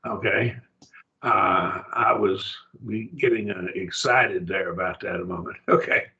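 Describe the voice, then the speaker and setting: A man's voice: sits low, fairly even intonation, unhurried, vocal fry, muffled recording, background noise. An older man teaching a Greek grammar lesson, patient, checking that his student follows. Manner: patient, explains step by step, checks understanding.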